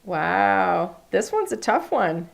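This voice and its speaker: A woman's voice: medium pitch, sing-song, takes it slowly, gravelly. A woman hosting a live craft class, chatting enthusiastically and thinking aloud as she works. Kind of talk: live-streamed craft demonstration. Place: craft studio.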